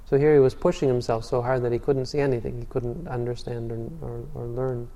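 In a Buddhist dharma talk, a man teaches meditation through calm storytelling, his mid-range voice mellow, dark, and brisk. He often restarts and repeats words, and the sound trails off into a long hall reverb.

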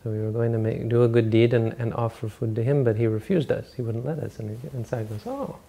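Gravelly man telling a dharma story. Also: medium pitch, quick pace. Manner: relaxed, rambling, self-correcting. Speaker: meditation teacher. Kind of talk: dharma talk retelling a story.

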